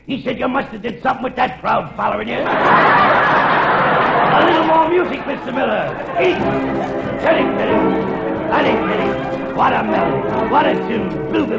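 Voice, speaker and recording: A comedian doing gravelly impressions of a brash vaudeville clown and a whiny film villain in a 1940s radio comedy spot, in a radio studio before a live audience. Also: male voice, very high-pitched, reverberant, dull audio, pitched above the performer's own voice, heavily acted.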